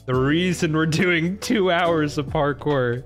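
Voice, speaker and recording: A man's voice: a little high, takes it slowly, faint music behind. A young man casually commenting on his own gameplay during a live stream, often laughing and exclaiming to his chat. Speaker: gaming streamer.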